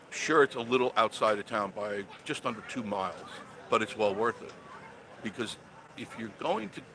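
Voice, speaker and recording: Holding his phone for a live stream, an older man talks casually outside near a roadside attraction and calls out viewers by name. His voice is medium-pitched, with noise behind him.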